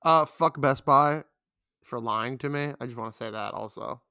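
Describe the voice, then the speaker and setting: A man's voice: mid-range voice, moderate pace, sharp tone, clean tone, no echo, studio quality. A young man co-hosting a casual podcast, rambling and complaining with lots of fillers. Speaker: podcast co-host.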